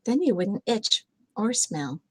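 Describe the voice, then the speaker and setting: A woman's voice: mid-range voice, very animated, slow pace, a little mellow, slightly rough, dry recording, exaggerated voice. An older woman voicing a bossy, cheerful female bear in a storybook, teasing and insistent. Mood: sweet. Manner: insistent, teasing, sing-song.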